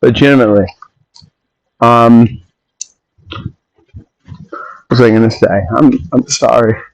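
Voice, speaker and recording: A man's voice: mid-range voice, slow pace, creaky, poor audio. A man recording a solo podcast on his phone, rambling and ranting with strong opinions in a casual monologue.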